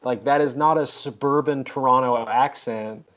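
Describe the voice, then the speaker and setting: A man's voice: mid-range voice, moderate pace, fairly bright tone, low-quality recording. Male podcast host, mid-range voice, wry and conversational, casual interview tone.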